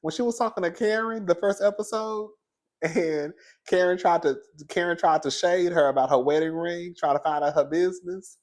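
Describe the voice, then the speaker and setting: A man giving casual, sassy commentary on a reality TV episode, chatty and quick to laugh. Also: sits high, darkish tone. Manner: sassy, chatty, laughs often, calls viewers "girl" and "baby". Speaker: reality TV reviewer.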